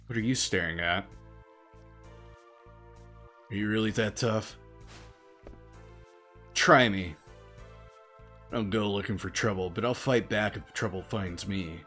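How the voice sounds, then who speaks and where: A man voicing a gruff, menacing male brawler in low, terse lines while reading game text aloud. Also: measured pace, long pauses, a bit bright, soft background music.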